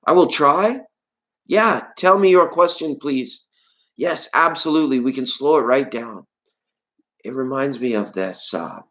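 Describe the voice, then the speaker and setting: A tarot reader hosting a live stream, chatting with viewers in a rambling, joking way, with the voice jumping up in pitch when excited. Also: poor audio. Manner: rambling, playful and jokey; greets and answers viewers from chat.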